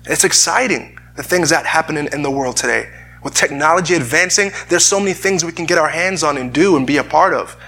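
Male pastor, husky and bright-toned, earnest sermon delivery with frequent restarts. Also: fairly high pitch, a little fast. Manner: earnest, repeats words while searching for phrasing. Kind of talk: sermon with scripture reading.

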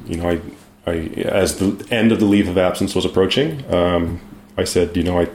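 A man's voice: low-pitched, moderate pace, darkish tone, roomy sound, a little hiss or hum. A man talking as a guest in a casual interview, hesitant, with many ums and restarts. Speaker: guest artist.

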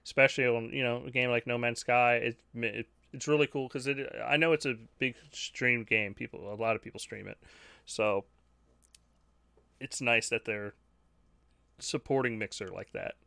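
Bright, crisp-voiced male co-host. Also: mid-range voice, fairly even intonation, moderate pace, no echo. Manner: easygoing, rambling with fillers. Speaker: podcast co-host. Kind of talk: casual chat.

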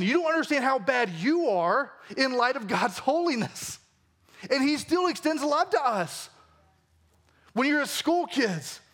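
A man's voice: very high-pitched, a bit bright. A man with a Southern American accent preaching a sermon as a pastor, earnest and conversational, full of questions put to his listeners. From Georgia, US.

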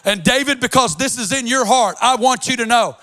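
Bright, high-voiced impassioned male preacher. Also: a little fast. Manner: impassioned, sing-song preaching cadence. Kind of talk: sermon.

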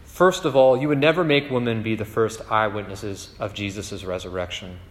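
A man's voice: on the low side, normal speed. A man preaching a sermon in a conversational way, often checking in with "right?". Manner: conversational, keeps asking "right?". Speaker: pastor. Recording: long hall reverb.

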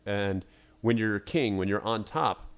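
A podcast co-host with a fairly low, creaky voice talks at a measured pace, casually reviewing a film in the studio while thinking out loud and defending his opinion.

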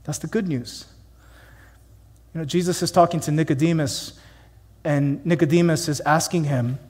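Pastor guy preaching in church, punchy, lots of questions to the crowd, kinda high voice. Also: fairly even intonation, moderate pace, long pauses, darkish tone, husky, big-room sound. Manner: emphatic, conversational, rhetorical questions. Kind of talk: sermon.

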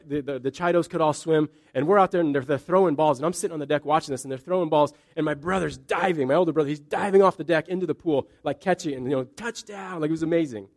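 Preaching from the pulpit, a man who serves as pastor stacks up his argument with emphatic, repeated phrases. For a man, his pitch runs slightly high.

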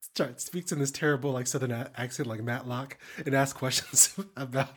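A man's voice: medium pitch, normal speed, slightly rough. A man co-hosting a podcast, chatting casually, rambling and laughing through his stories. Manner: giggly, rambling, animated. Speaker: podcast co-host. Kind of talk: casual chat.

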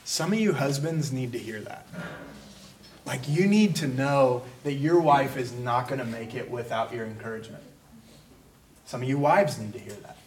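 A pastor preaching a conversational sermon, breaking into quick acted asides. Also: male voice, medium pitch, a little mellow, distant mic, slight background noise.

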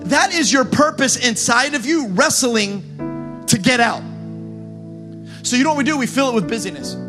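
High-voiced preaching man over music. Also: expressive, moderate pace. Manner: impassioned preaching, rising to shouts. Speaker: pastor. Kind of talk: sermon.

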